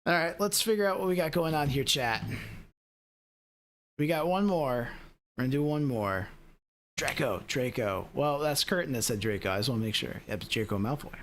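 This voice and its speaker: A man's voice: medium pitch, animated, moderate pace, a bit bright, a little hiss or hum. A man streaming sim racing, chatting casually and rambling to his viewers with lots of fillers. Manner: rambling, talks straight to chat with lots of fillers. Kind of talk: casual live-stream chat.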